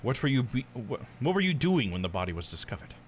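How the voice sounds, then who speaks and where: A man reading the part of a calm male prison investigator who asks measured, quietly accusing questions. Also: mid-range voice, slight background noise, natural voice. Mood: probing.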